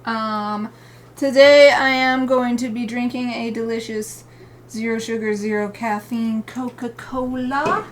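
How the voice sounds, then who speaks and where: This woman artist's voice is on the high side, with fairly even intonation and an unhurried pace, heard over background noise. Live-streaming her drawing, she chats casually and explains each coloring step. Her manner is upbeat and talkative, with warm greetings and lots of laughter.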